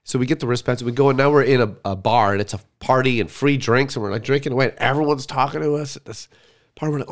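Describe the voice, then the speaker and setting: A man's voice: mid-range voice, fast talker. A middle-aged man, a comedian, telling a story casually and acting out the quotes. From Canada. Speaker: comedian guest.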